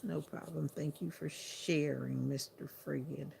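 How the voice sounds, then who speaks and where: A sleepy woman hosting a livestream, chatting to viewers in an unhurried, casual way. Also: low voice, fairly even intonation, vocal fry, mellow, slight background noise. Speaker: livestream host.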